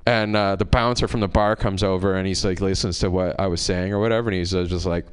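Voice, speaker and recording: A man with a low, smooth voice performs stand-up on a club stage, speaking into a handheld mic. His story wanders and is full of swearing, and he keeps ramping up into yelling. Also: fairly even intonation, fast talker. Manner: profane, rambling storytelling that builds to yelling. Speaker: stand-up comedian. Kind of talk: stand-up set.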